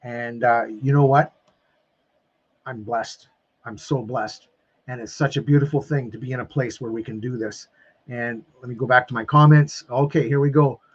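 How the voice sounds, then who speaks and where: A man's voice: mid-range voice, fairly even intonation, moderate pace, slightly rough, lo-fi sound. A man coaching viewers on a live stream, emphatic and emotional, repeating phrases and calling them his friends. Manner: openly emotional and effusive.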